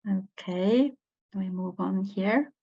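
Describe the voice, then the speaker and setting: Slow, hesitant woman lecturing. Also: mid-range voice, vocal fry, dark tone. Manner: hesitant, many pauses and fillers. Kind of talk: university lecture. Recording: dull lo-fi recording.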